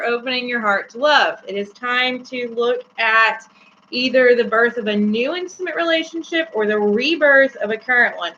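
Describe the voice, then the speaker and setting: A woman's voice: a little high, moderate pace, bright, forceful tone. A woman hosting a casual live-stream tarot reading, chatty and giggly with many fillers. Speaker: host. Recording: slightly dull with faint hum.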